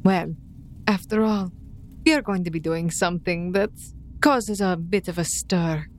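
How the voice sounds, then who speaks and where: A woman's voice: fairly low pitch, steady tone, unhurried, a little hiss or hum, close to an everyday voice. A woman playing a haughty, cruel aristocrat in a tabletop game, speaking with disdainful drawl.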